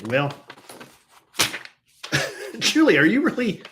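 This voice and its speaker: A man's voice: sits high, huge pitch swings, extremely slow, noisy background. A man co-hosting a live stream, chatting casually and playfully, teasing his viewers and talking to his dogs.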